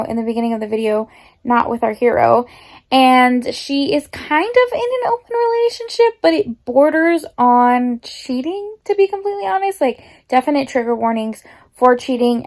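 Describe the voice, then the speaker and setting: A young woman chatting casually about books she's reading, with animated, drawn-out emphasis. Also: on the high side. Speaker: book vlogger.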